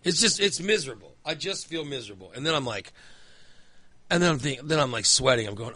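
Guy telling a long rambling story, bright tone, dead dry sound, lots of fillers and cussing. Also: mid-range voice, lively intonation, fairly quick, breathy edge, no echo. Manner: rambling storyteller, filler-heavy, swears freely. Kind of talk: casual chat.

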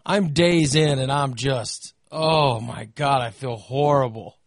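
A man hosting a podcast, exhausted and telling a casual story in an animated way, swearing and acting out what he said. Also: medium pitch, slow, dry recording. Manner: animated, swears, acts out his own quotes. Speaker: podcast host.

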